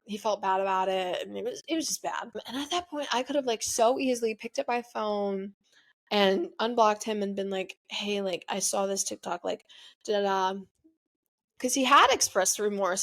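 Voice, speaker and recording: A woman's voice: medium pitch, fairly bright tone. Chatty young woman podcaster. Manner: chatty, filler-heavy, emotional, frequent "like". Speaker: podcast host. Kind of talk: personal storytelling monologue. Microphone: studio microphone.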